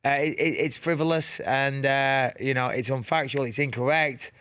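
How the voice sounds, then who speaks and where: A man's voice: mid-range voice, fairly even intonation, normal speed, sharp tone, clear, resonant tone, no room sound. A man with a northern English accent, talking frankly as a guest in a casual studio interview and laughing easily. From England. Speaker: guest fighter. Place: radio studio.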